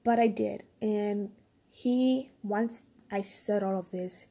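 A woman's voice: mid-range voice, steady tone, slow, vocal fry, dark tone. A woman casually telling a personal story, rambling and full of "like" as she quotes what people said.

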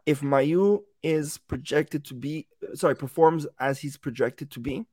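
A man co-hosting a sports podcast in casual chat. He is animated, swears now and then, and rephrases himself mid-thought. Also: a little high, a little slow, breathy edge, dry recording, studio quality. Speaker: podcast co-host.

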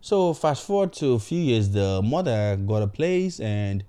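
Male storyteller, lowish voice, dry close sound, chatty and animated. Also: measured pace, smooth, dry recording. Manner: animated retelling, acts out quoted voices, frequent "you know". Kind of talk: casual storytelling monologue.

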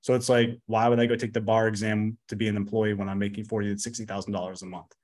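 This man's voice is fairly low, level, and darkish in tone. A business coach guesting on a podcast, he chats casually and bluntly, rambling fast with swearing and fillers like "like" and "you know."

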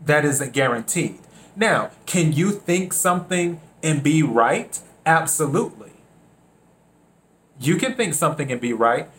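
Slow-talking man hosting a podcast. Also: on the high side, animated, fairly bright tone. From South Carolina. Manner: unhurried, repeats phrases, acts out little dialogues. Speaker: podcast host. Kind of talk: reflective solo monologue.

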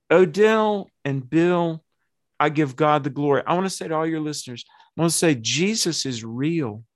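A pastor in his fifties gives an earnest, animated personal testimony in conversation. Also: on the high side, no echo.

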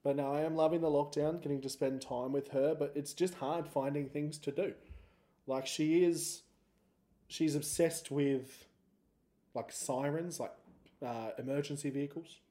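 A man's voice: on the high side, fairly even intonation, a little slow, warm tone. A man in his thirties with an Australian accent, hosting a solo podcast and telling a story in a laid-back, joking, rambling way. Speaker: podcast host.

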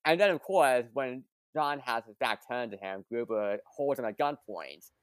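A woman casually recapping a movie plot for a podcast, with lively quoted asides. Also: very deep voice, moderate pace, no echo. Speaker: podcast guest.

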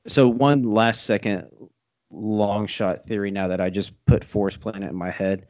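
A man's voice: lowish voice, fairly even intonation, normal speed, a little mellow. A man co-hosting a casual podcast chat, hesitant and thinking aloud. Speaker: podcast co-host.

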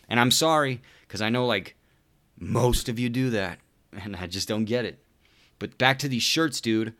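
Hosting a podcast, this man launches into a sarcastic, exasperated comedic rant, swearing nonstop and calling everyone "dude." His voice is fairly low and a bit bright, with lively intonation at a normal speed.

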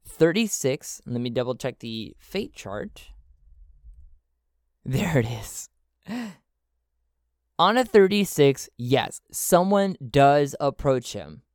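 A man's voice: medium pitch, expressive, slow, pauses often, clean tone, no room sound, studio quality. A man narrating a solo tabletop role-playing game, thinking aloud as he checks his rolls and charts. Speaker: solo game master and player.

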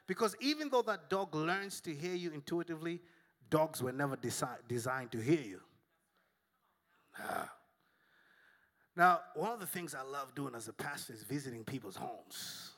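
A pastor who grew up in Africa preaching a sermon, telling lively stories and then dropping to soft, hushed tones. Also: male voice, fairly high pitch, moderate pace. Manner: animated storytelling, swinging to soft and hushed.

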